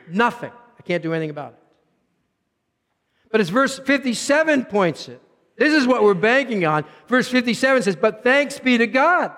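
High-voiced preacher in a reverberant hall. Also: male voice, very animated, normal speed, long pauses. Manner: swings from raised emphatic lines to quiet low asides. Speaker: pastor. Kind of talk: sermon.

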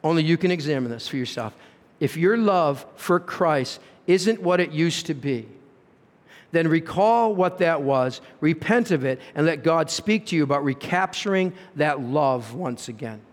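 In a reverberant church hall, a man preaches as pastor with earnest conviction, asking rhetorical questions and varying his emphasis. His voice is on the high side, with lively intonation and an unhurried delivery.

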